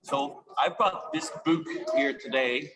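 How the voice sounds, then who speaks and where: A man's voice: medium pitch, slow pace, background noise. A man from Ireland with a Donegal Irish accent, reading a picture book aloud to schoolchildren as a guest reader and explaining as he goes. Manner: friendly, explains as he reads, with small restarts.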